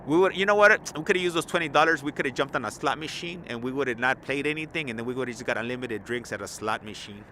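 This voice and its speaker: A man's voice: mid-range voice, fast talker, hardly any pauses, bright, forceful tone. A man, rambling in casual, slangy live-stream chat from outdoors at an airport, on a phone. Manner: laid-back, rambling, slangy. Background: traffic and vehicle noise.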